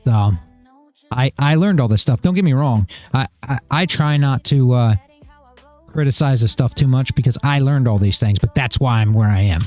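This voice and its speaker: A man's voice: mid-range voice, normal speed, darkish tone, soft background music. A middle-aged man hosting a trading livestream, talking casually in a blunt, rambling way, repeating himself and swearing.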